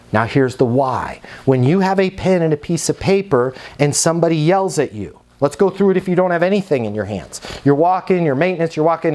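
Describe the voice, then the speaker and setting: A middle-aged man giving a property management training talk, animated and acting out workplace scenarios. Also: fairly high pitch. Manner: animated, acts out scenarios with shifting voices. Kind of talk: training presentation.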